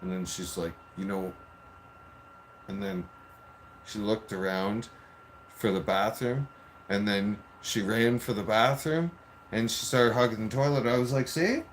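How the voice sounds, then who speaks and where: A man's voice: lowish voice, steady tone, unhurried, a little hiss or hum. A man telling a story in a casual, profane rant, full of repeated "I'm like.". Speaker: vlogger.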